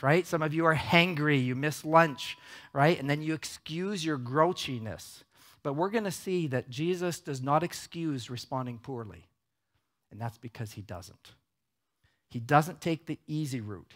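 A male pastor delivering a conversational sermon in a cinema auditorium, often checking in with the audience with a quick "right?". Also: mid-range voice, a bit bright.

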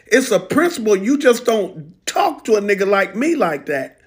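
A man's voice: high-pitched, sing-song, normal speed. A man doing a profane, defiant football star. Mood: indignant. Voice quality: profane, indignant, emphatic. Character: proud, defiant male pro football player ranting. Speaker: social media rant. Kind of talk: comedic impression monologue.

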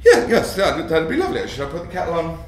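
A man's voice: a little high, wildly swooping pitch, quick pace, reverberant, distant mic, a little hiss or hum, pitched above the performer's own voice. A man on stage voicing an older, friendly, chatty woman in a raised, eager, polite voice.

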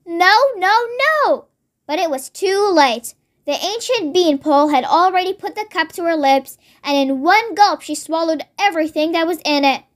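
A child reading a storybook aloud in steady narration. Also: very high voice, moderate pace. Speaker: storybook reader.

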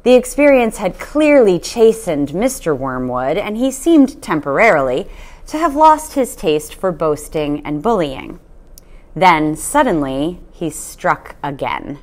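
A woman reading a children's novel aloud, with an expressive storytelling manner. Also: lowish voice, unhurried. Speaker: storybook reader.

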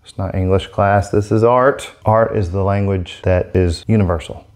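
A man hosting a casual product demo vlog, talking in an excitable, gushing way into a set-up microphone. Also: deep voice, moderate pace. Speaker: airbrush artist demonstrating markers.

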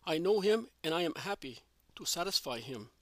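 A calm, solemn male teacher speaks kindly, voiced by a male reader. He sounds fairly high-pitched for a man. The recording is dry and close. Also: moderate pace, dry recording. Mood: gentle.

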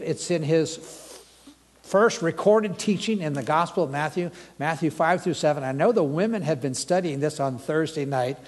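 A man's voice: on the high side, a little mellow, long reverb tail. A man preaching a sermon as pastor, talking in a chatty way and putting questions to the congregation. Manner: conversational, asks the congregation questions. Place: church sanctuary.

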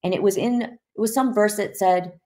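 A woman's voice: medium pitch, moderate pace, dark tone. A woman sharing her personal testimony in an emphatic, vivid storytelling manner. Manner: vivid and emphatic, acting out quoted voices.

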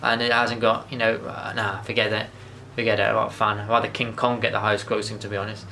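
Fast-talking, bright-voiced man. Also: lowish voice, level tone, gravelly, a little hiss or hum. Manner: rambling and enthusiastic, with frequent restarts and swearing. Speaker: vlogger. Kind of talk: casual movie review monologue.

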